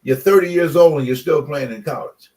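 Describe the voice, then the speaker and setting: A man's voice: on the high side, brisk, a little mellow, far from the mic. An older man, a former college football player, talking as a radio guest in a rambling, emphatic way with many fillers. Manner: emphatic, passionate about commitment. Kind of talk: casual radio chat.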